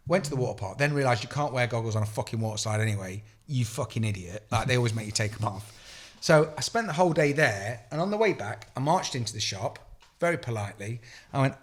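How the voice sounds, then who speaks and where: A man with a British accent telling an animated, profane story as a podcast co-host, acting out the dialogue. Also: mid-range voice, fast talker. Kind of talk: casual storytelling chat.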